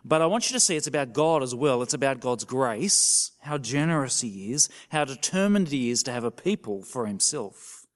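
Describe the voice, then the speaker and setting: A male minister preaching a sermon, asking the congregation questions and dropping to a soft voice at times. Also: mid-range voice, moderate pace, hardly any pauses. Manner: animated, questioning the congregation with sudden soft drops.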